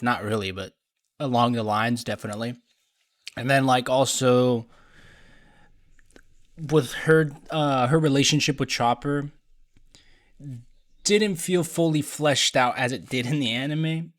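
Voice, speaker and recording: Brief: young guy, just up, mid pitch, rambling casual review, dry sound. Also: unhurried, long pauses, dry recording. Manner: rambling, loose with fillers and swearing. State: just woke up. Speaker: video reviewer.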